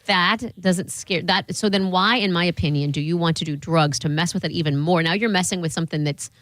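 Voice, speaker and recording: Fast-talking self-mocking woman. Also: fairly low pitch, no echo. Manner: self-deprecating storyteller, animated, laughs often. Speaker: radio co-host. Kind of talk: casual chat.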